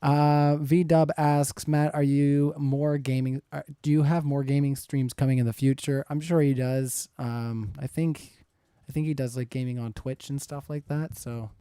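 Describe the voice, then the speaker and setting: A man's voice: mid-range voice, flat delivery, a little slow, warm tone, clear, resonant tone, no room sound, clean studio sound. Easygoing young man moderating a stream. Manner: easygoing, rambling, chuckles often. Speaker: debate moderator. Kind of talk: casual live-stream moderating.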